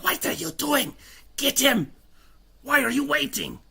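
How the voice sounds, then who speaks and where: A man voicing a raspy, gremlin-like creature that shouts orders from off at a distance, heard in a tabletop game. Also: very high-pitched, very animated, measured pace, voice pushed up, full character voice. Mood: yelling. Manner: yelling loudly.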